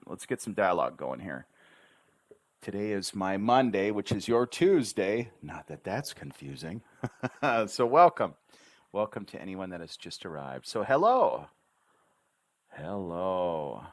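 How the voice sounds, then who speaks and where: Very deep-voiced male English tutor. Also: no room sound. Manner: slow drawn-out syllable drills; chatty, encouraging. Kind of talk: livestream language lesson.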